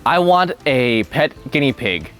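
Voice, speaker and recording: A man's voice: medium pitch, very animated, unhurried, fairly bright tone, faint music behind. A man hosting a casual chat, thinking aloud, often laughing, with restarts as he answers questions. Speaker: channel host answering questions.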